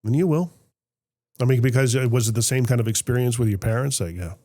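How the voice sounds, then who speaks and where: A man hosting a podcast, telling a personal family story in a reflective, emotional way, often trailing off softly, with a Middle Tennessee accent. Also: mid-range voice, brisk, no room sound, clean studio sound. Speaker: podcast host. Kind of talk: candid conversational storytelling.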